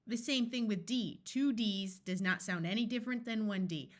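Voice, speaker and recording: A woman with an American accent teaching a phonics lesson, slowly sounding out letters and blending them into short words for young readers. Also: fairly high pitch, lively intonation, sharp tone. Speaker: reading tutor.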